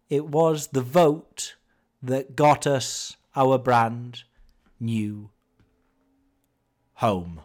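A man hosting a casual podcast, sarcastic and mock-solemn, who breaks into sung football chants. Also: mid-range voice. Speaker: podcast host.

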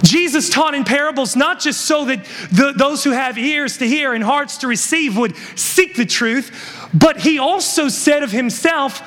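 A man preaching a sermon and reading scripture, emphatic and rising to shouted peaks. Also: very high-pitched, animated, measured pace, long reverb tail. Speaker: pastor.

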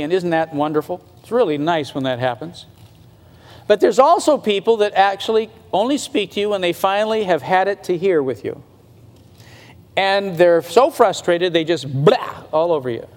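A man preaching a sermon in a conversational way, slowing down to stress his points and rising in pitch when he gets emphatic. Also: in a large hall. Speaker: pastor.

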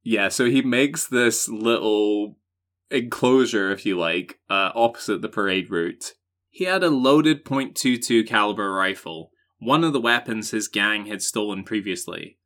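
Male podcast host, bright tone, dry sarcastic delivery. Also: fairly low pitch. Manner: sarcastic, swearing, quick jokes. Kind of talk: casual chat, reading from notes.

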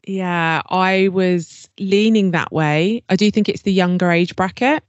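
A woman's voice: lowish voice, measured pace, dry recording, muffled recording. A woman co-hosting a podcast who takes part in a quiz and reacts expressively. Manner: expressive, reacts with gasps and laughs. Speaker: podcast co-host and quiz contestant. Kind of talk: casual podcast chat.

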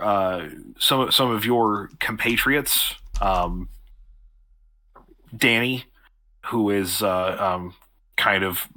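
A man narrating as game master of a tabletop role-playing game over a video call, unhurried, with frequent fillers and restarts. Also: fairly low pitch, sharp tone.

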